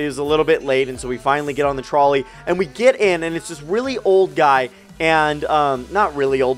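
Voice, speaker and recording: Excitable young man telling a story. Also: fairly high pitch. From Oregon. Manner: excitable, profane, lots of fillers. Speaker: storytime YouTuber. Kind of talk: casual storytime over gameplay.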